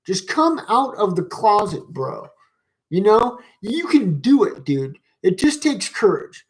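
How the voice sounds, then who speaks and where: A man's voice: high voice, very animated, takes it slowly, poor audio. A man delivering a profane, rambling rant in reaction to comments, heated and mocking, with constant fillers and restarts. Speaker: commentary vlogger.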